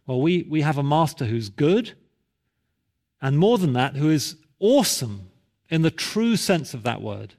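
A man's voice: a little high, big pitch swings, unhurried, a little mellow. A male pastor preaching a sermon, telling a story and building to emphatic repeated calls.

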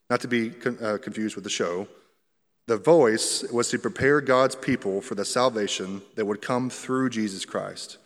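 Man preaching in a reverberant hall. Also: mid-range voice. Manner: conversational, explains scripture line by line with light humor. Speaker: pastor. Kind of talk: expository sermon.

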